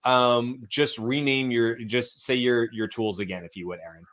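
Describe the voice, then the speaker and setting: A man's voice: medium pitch, steady tone, moderate pace, fairly bright tone. A man from the United States hosting a casual panel chat, talking loosely with many fillers and restarts. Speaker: podcast host.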